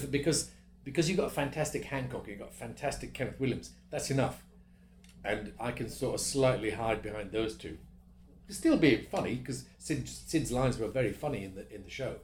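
A middle-aged voice actor, chatting in an interview in a self-deprecating way, laughing often. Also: male voice, medium pitch, a little mellow, a little hiss or hum. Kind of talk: casual interview chat. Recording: roomy echo.

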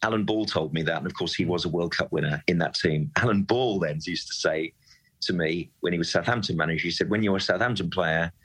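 Deep-voiced passionate football fan. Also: male voice, fast talker, fairly bright tone, husky, poor audio. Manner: passionate, emphatic, repeats words when worked up. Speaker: football club supporter guest. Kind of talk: conversational podcast interview.

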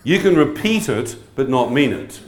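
A man telling his testimony as a lively sermon to a live audience, joking and often asking the crowd questions. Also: medium pitch, normal speed. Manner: humorous, asks the crowd frequent questions. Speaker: preacher giving testimony. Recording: echoey hall.

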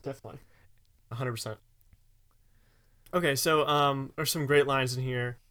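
A man's voice: mid-range voice, fairly even intonation, moderate pace, bright, forceful tone. A man chatting casually about a movie, loose and rambling, laughing along.

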